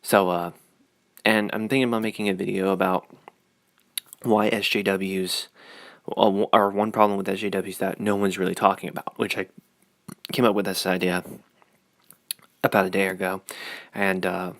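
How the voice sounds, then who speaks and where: A man's voice: deep voice, little pitch movement, normal speed, creaky, long pauses, a bit bright, no echo, studio quality. A man rambling through a casual opinion vlog, full of fillers and sarcastic asides. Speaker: YouTube commentator.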